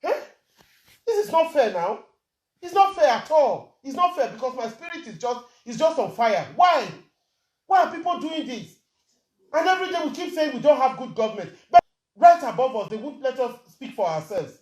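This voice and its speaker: Woman, Nigerian accent, angry vlog rant, rhetorical questions, lively swooping pitch, rather high voice. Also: brisk, reverberant. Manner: indignant, rhetorical questions, mixes Pidgin and English. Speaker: social media commentator.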